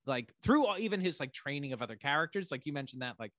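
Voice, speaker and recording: Man, rambling excitable podcast co-host, slightly high voice, dry sound. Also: quick pace, no room sound. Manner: rambling, filler-heavy, swears, excitable. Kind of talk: casual chat recapping a TV episode.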